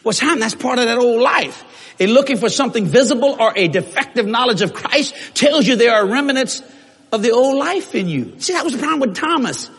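A man preaching a storytelling sermon, animated, moving between quiet low narration and shouted exclamations. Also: fairly quick, breathy edge. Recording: long reverb of a large hall.

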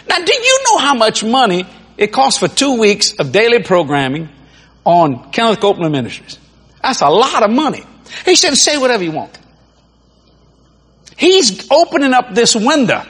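A male preacher, his voice pitched very high and swinging widely as he acts out quotes and laughs through his stories. The tone is husky and breathy. Long reverb trails off in the large hall. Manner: animated storytelling, acts out quotes, laughs often. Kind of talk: sermon.

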